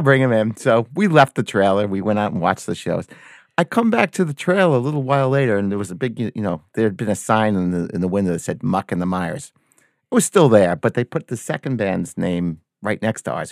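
A man's voice: lowish voice, brisk, gravelly, dry recording, clean studio sound. A man, a band member, telling a story in casual chat and acting out the people in it. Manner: animated anecdote-telling, acts out quoted voices. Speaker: guest musician.

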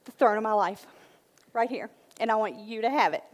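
A woman's voice: fairly high pitch, in a large hall, lightly acted. A woman playing a bubbly, flustered church mom. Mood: excited. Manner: bubbly, chatty, quick to apologize. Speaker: actor in a church skit.

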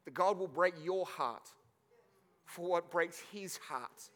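A man's voice: sits high, slow, a bit bright. A man preaching a sermon as pastor, telling a personal story with emotion, tearful and laughing at moments.

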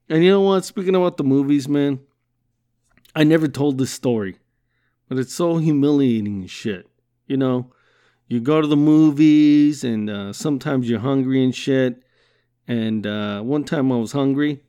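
A man with a slightly higher voice hosts a podcast, spinning loose comedic stories packed with swearing. He laughs through his lines and jumps from mumbles to sudden loud bursts as he gets worked up. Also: clear, resonant tone. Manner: profane, rambling, laughs often. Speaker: podcast host. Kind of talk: casual comedic monologue.

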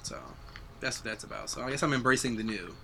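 A man's voice: medium pitch, quick pace, gravelly, crowd noise. A young adult man hosting a podcast, chatting casually and reflectively, swearing freely. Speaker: podcast host. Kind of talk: casual chat.

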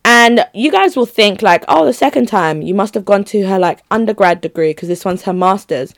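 A woman's voice: medium pitch, animated, normal speed, no echo, studio quality. A young woman chatting casually on her own to her listeners, rambling and giggly. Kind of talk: casual solo chat to listeners.

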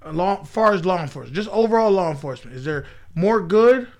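High-voiced opinionated man. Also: fast talker. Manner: opinionated, animated, laughs while talking. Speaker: podcast co-host. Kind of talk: casual chat.

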